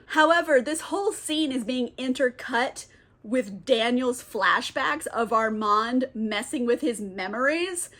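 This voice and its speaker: Young woman, higher-pitched, casual vlog recapper, chatty and sweary. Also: a bit bright. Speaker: TV recap vlogger.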